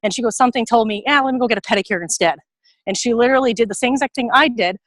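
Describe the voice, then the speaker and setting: A woman on a video call from her garden, out of breath from carrying heavy bags, telling an animated story and acting out what people said. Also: a little high, racing, no echo, low-quality recording. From New York area. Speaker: team member sharing a story. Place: outdoors in a garden.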